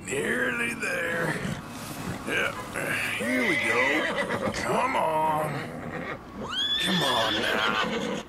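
A drawling video-game cowboy coaxes his horse with slow, soothing words. His voice sits high for a man and swings widely in pitch. The game audio carries a loud wash of noise. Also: sing-song, heavily acted. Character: rugged male cowboy gently coaxing a horse.

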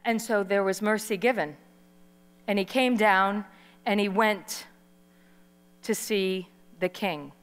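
A middle-aged woman preaching a sermon, telling a story with lively acted-out quotes and calling for responses from the audience. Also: medium pitch, slow, long pauses, clean tone. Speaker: guest preacher. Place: large hall. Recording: live sermon in a reverberant hall.

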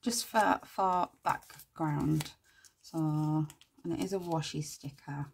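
A woman hosting a casual crafting tutorial, chatting and thinking aloud as she works, with quiet muttered asides to herself. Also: sits low, fairly even intonation, takes it slowly, vocal fry, a little hiss or hum. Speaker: craft channel host.

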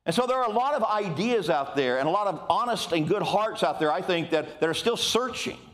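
Animated older male preacher. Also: high voice, fairly quick. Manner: animated, conversational preaching with asides. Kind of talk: sermon.

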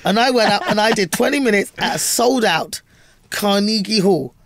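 A woman comedian from London with a Cockney accent, an animated storyteller who acts out voices as an interview guest. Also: mid-range voice, normal speed, no room sound. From London, England. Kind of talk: interview chat.

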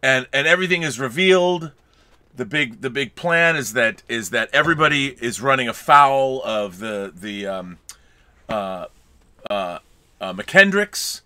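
A man's voice: medium pitch, expressive, measured pace, pushed and bright, dry recording. A man co-hosting a movie review show, chatting casually and rambling with many restarts and fillers. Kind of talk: casual film review chat.

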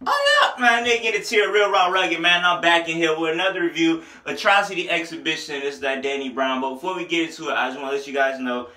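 Young dude rambling thru a music review, slangy and joking, kinda high bright voice, echoey room. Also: male voice, sing-song, quick pace, hardly any pauses, a little hiss or hum. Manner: loose, joking, slangy, trails off and repeats himself. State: has a headache, low-energy at times. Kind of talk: casual vlog review. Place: small indoor room.

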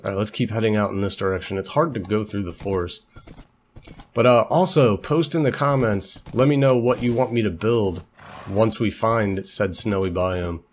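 A man's voice: fairly low pitch, normal speed, a little hiss or hum. A young man casually commentating a game he is playing, chatty and jokey, talking to his horse and easily startled, while feeling a bit unwell. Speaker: let's play host.

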